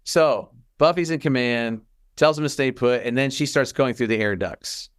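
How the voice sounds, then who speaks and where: Man, casual podcast co-host, clear resonant voice, dry close mic, lively. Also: mid-range voice, normal speed, no echo. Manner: animated, quotes lines in put-on voices. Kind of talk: casual chat.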